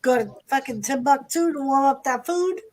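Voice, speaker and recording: A man putting on a shrill, high mocking voice to tease his friends on a stream. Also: animated, moderate pace. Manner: teasing, sarcastic.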